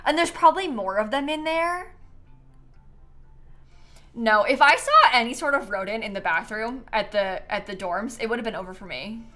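Young florida girl streaming, chatty and giggly, lots of "like", clear bright voice. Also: on the high side, normal speed, faint music behind. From Florida, USA. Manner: chatty and rambling, laughs often, lots of "like". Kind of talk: casual chat while playing a game.

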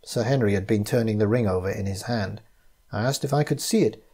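Husky male storyteller. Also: on the low side. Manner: measured, even, first-person narration. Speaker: narrator and author. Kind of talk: audiobook reading of a detective story.

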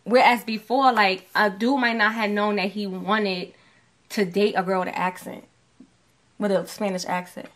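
A woman's voice: mid-range voice, steady tone, moderate pace, fairly bright tone. Talkative New woman. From New York. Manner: talkative, explains her points at length and acts out other people's voices. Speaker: podcast co-host. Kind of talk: casual chat.

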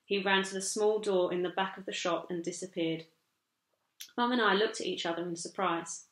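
A woman teacher reading a children's chapter book aloud in a steady storytelling manner. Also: medium pitch, moderate pace, roomy sound. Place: school room.

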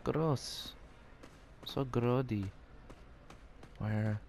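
A man's voice: medium pitch, extremely slow, gravelly, darkish tone, slight background noise. A young man casually commenting on a video game, joking and reacting aloud with slang. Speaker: gamer.

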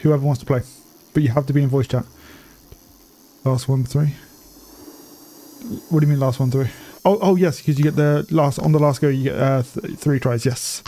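Gravelly young streamer guy. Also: mid-range voice, fairly even intonation, moderate pace, long pauses, warm tone, slight background noise. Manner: chatty, swears freely, laughs often. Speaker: gaming streamer. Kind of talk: casual live-stream commentary.

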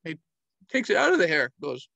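Animated man telling animal stories. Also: a little high, moderate pace, no echo, rough recording. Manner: animated, acts out animal movements and sounds. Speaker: travel vlogger and storyteller. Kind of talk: casual storytelling with animal sound imitations.

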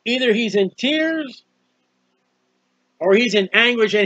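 High-voiced earnest man preaching. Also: animated, takes it slowly, pauses often, bright, forceful tone, no echo, highs cut off. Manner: earnest, conversational preaching with repetitions. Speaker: street preacher. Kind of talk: informal sermon on a psalm.

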